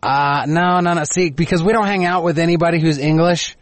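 A man's voice: on the high side, steady tone, a little fast, no room sound. A man from Texas with a southern drawl, chatting on a podcast in a laid-back, profane and opinionated way. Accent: Texan southern drawl. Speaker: podcast co-host. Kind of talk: casual podcast banter.

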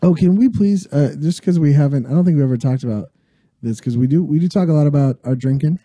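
A man co-hosting a podcast, easygoing and halting, often restarting his sentences. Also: a little high, mellow, dry recording. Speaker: podcast co-host. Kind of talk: casual chat.

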